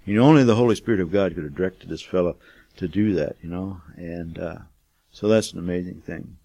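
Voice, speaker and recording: A man's voice: low-pitched, fairly quick, vocal fry, warm tone, no room sound. An older man, a missionary, telling a testimony in a folksy, rambling way with many fillers. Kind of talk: casual storytelling testimony.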